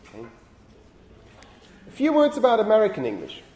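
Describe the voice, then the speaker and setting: A man lecturing university students on phonetics, lively and often putting questions to the class. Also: sits high, brisk. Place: lecture hall. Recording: echoey lecture hall.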